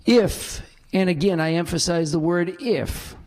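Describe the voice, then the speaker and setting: A man serving as council president, chairing a formal public meeting and reading a prepared statement with slow, deliberate emphasis. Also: fairly high pitch, vocal fry, a little mellow. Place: council chamber.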